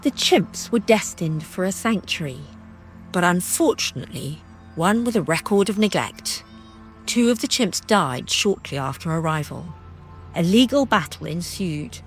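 A woman giving calm, measured scripted documentary narration. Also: lowish voice, soft background music.

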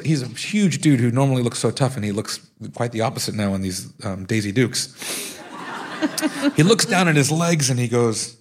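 Husky man reading his own memoir. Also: mid-range voice, expressive, fairly quick. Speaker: author.

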